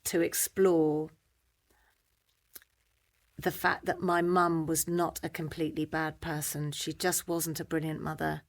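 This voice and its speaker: Middle-aged woman, British accent, fairly low voice, animated storytelling, acts out quoted voices. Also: measured pace, long pauses. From Britain. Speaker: guest. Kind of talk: personal storytelling in a conversation.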